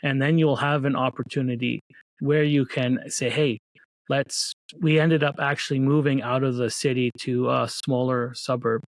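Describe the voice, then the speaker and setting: A man's voice: medium pitch, little pitch movement, moderate pace, dry recording. A man being interviewed, telling his life story in an earnest, faith-filled way with frequent restarts. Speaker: guest, children's book author. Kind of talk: casual interview talk.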